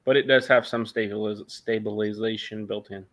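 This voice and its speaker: A man chatting casually on a livestream, rambling with halting restarts. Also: on the low side, fairly even intonation. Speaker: livestream host. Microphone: phone webcam.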